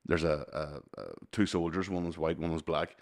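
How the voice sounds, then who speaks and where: A man with a low voice chats casually on a podcast. He tells long, sweary anecdotes and laughs often between his stories. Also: steady tone, normal speed. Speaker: podcast co-host, comedian. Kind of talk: casual chat, storytelling.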